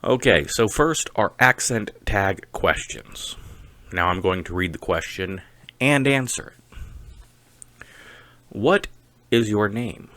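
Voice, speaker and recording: A man with a Texas accent, giving a slow, deliberate and opinionated casual monologue to camera as a vlogger. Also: low-pitched, pushed and bright, dry recording.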